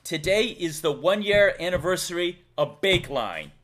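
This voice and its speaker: A man with a Massachusetts accent hosting a livestream, chatting casually, playful and quick to laugh. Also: sits high, animated, fairly bright tone. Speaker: livestream host. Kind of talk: casual stream chat.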